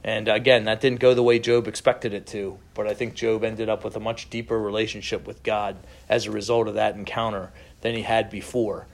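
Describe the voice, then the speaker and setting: A middle-aged man preaching a sermon as pastor, earnest and conversational, with gentle laughs between thoughts. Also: fairly low pitch, little pitch movement, brisk, vocal fry, few pauses.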